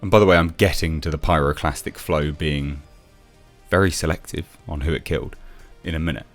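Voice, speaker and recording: A man's voice: extremely low pitch, steady tone, brisk, soft background music. A man reviewing a TV episode in a sarcastic, exasperated rant, swearing freely. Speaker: TV show reviewer. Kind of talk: ranting video review.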